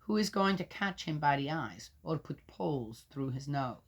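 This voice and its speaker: Woman, low-ish voice, scripture reader who argues with the text, loud readings, muttered asides. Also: lively intonation, moderate pace, breathy edge. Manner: interrupts herself with doubting, argumentative remarks. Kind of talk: reading aloud with skeptical asides.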